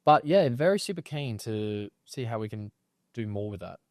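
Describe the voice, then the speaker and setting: A man's voice: on the low side, lively intonation, moderate pace, darkish tone, dry recording. A young man co-hosting a casual podcast from a home studio, easygoing, agreeable and jokey. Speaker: podcast co-host.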